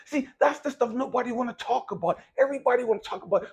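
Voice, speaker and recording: A man giving an impassioned motivational talk, preachy and profane, swinging from low musing to loud outbursts. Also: fast, few pauses, a little hiss or hum. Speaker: motivational speaker.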